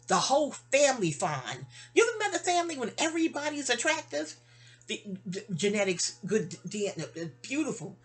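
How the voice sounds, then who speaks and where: A woman in her fifties from New York tells a personal story in a loose, casual way. She wanders into side topics and corrects herself mid-sentence. She voices remembered lines at a higher pitch. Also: big pitch swings, brisk. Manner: rambling, with asides and self-corrections; acts out remembered dialogue with raised pitch.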